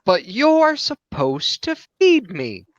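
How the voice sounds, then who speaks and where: A man voicing a small, demanding pocket dragon that whines and scolds loudly. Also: high voice, huge pitch swings, takes it slowly, dull audio, full character voice. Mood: indignant. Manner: whiny, brash and scolding.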